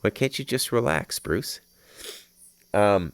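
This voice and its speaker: A man's voice: low voice, expressive, normal speed, no room sound. A man hosting a podcast, delivering a rambling spiritual monologue from an outdoor patio, heavy with swearing and flaring into heated outbursts. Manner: profane, rambling, swings into heated shouting. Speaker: podcast host.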